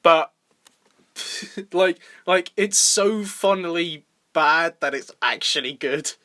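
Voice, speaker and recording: A man's voice: a little high, slow pace, bright, forceful tone, no echo. Young man rambling on a casual podcast. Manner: rambling, laughs often, stammers and repeats words. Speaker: podcast co-host and indie filmmaker.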